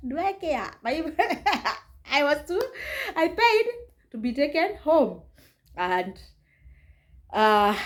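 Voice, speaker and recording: A woman, a vlogger casually telling a story in an animated way, laughing often and slipping into Swahili phrases. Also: medium pitch. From Kenya.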